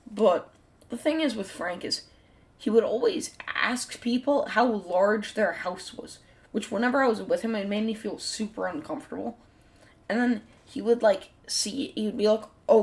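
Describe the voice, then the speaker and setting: Woman, mid-pitched voice, rambling storytime vlog narration, heavy "like" fillers, casual swearing. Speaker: channel host.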